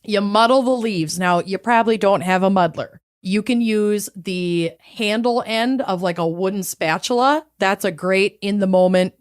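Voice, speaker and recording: A young adult woman co-hosting a podcast, casual, giggly and swearing, audibly high. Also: moderate pace, few pauses. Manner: giggly, swearing, loose and rambling. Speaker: podcast co-host. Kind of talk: casual chat.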